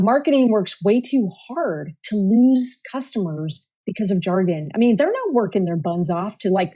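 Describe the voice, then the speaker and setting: Upbeat woman guest, higher voice, quick jokes, casual interview chat. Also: dark tone. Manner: playful, upbeat, coins jokey words. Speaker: guest, communication speaker.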